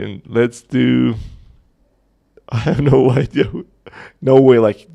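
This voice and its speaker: Gravelly-voiced man chatting on a livestream. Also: medium pitch, darkish tone, lo-fi sound. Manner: chatty, joking, reading chat aloud. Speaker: host of a community livestream. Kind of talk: casual livestream chat.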